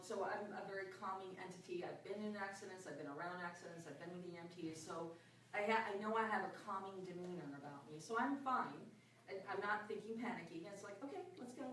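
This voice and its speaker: Middle-aged woman, lively group storyteller, laughs often, recorded far off in a very echoey room. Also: on the low side, brisk, a little hiss or hum. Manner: animated, laughs often, acts out voices in her story. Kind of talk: personal storytelling in a group talk.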